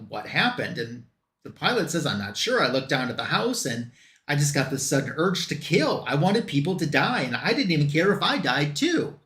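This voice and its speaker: A man's voice: medium pitch, fairly bright tone, echoey room. A man recapping a comic book story in a loose, run-on way, quoting the characters as he goes.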